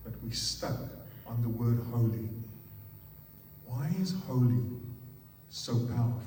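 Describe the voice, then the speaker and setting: A man with an Afrikaans accent preaches slowly in a mellow voice, pressing words in sets of three and putting questions to his listeners. He sounds some way off from the mic, his voice ringing through a large echoing hall with a long reverb and faint background noise. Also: medium pitch. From South Africa. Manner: emphatic, repeats words in threes, asks the audience questions. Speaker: pastor. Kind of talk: sermon. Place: church hall. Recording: echoey hall, picked up from far off.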